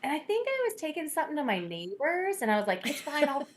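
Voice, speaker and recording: A woman guest on a podcast, telling a quick self-mocking story about herself. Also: sits high, wildly swooping pitch. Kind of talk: casual storytelling chat.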